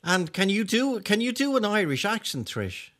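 Jovial radio host with lively intonation. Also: male voice, high-pitched. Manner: jovial, animated, quick to laugh. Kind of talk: phone-in radio chat. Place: radio studio.

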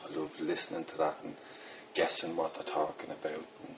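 A middle-aged Irishman with a Dublin accent, a poet, gives a rambling, self-deprecating interview loaded with fillers. He speaks fairly quickly in a monotone bass, and the poor recording carries a little hiss or hum.

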